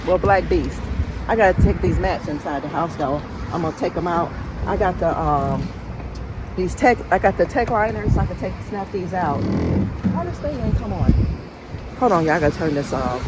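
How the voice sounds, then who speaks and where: A woman vlogging casually from inside her car at a car wash, chatty and animated as she talks straight to her viewers. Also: lowish voice, normal speed, heavy background noise. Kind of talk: casual vlog chat.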